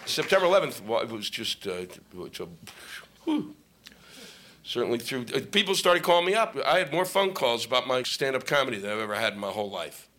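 A man's voice: mid-range voice, very animated, a little fast, a bit bright, slight background noise. A middle-aged man doing a stand-up comedy set on stage, ranting and exasperated, swearing often. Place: stage before an audience.

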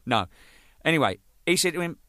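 A man's voice: on the high side, fairly quick, no room sound, studio quality. A man, a band's drummer, telling casual anecdotes with lots of swearing and laughter. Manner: animated, swearing, laughing, acting out exchanges. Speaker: band's drummer recalling its singles.

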